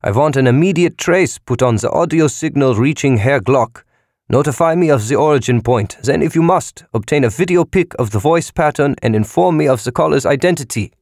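Man voicing a bossy urgent doctor, higher than his normal reading voice, dry sound. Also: expressive, a little fast, darkish tone, no echo. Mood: commanding. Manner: clipped, commanding. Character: urgent commanding male doctor.

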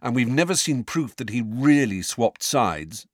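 A man voicing a slow, suspicious schoolboy. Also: medium pitch, animated, no echo, clean studio sound. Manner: slow, dark and stubborn. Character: stubborn, suspicious teenage schoolboy.

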